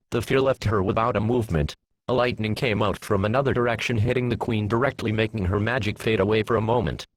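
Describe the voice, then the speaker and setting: Low, husky man reading a story. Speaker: narrator. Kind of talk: fan fiction reading.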